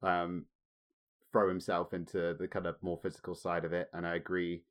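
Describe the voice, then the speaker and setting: A man's voice: sits low, monotone, moderate pace. A man hosting a film podcast, thoughtfully asking his co-hosts questions and giving his own views. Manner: thoughtful, poses questions to others. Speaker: podcast host. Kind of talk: casual film discussion.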